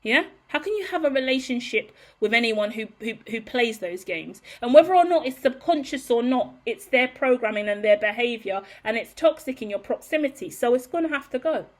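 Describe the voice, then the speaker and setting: A woman's voice: fairly high pitch, expressive, fairly quick, hardly any pauses. A woman giving a heated, profane monologue to camera as a tarot reader, blunt and ranting.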